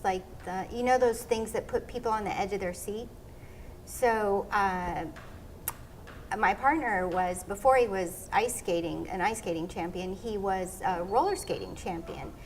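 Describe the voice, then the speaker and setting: A middle-aged woman being interviewed, telling stories in an animated way and acting out what people said. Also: mid-range voice, slight background noise. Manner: animated storyteller, acts out quotes. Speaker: interview guest, former pro skater. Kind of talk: casual storytelling interview.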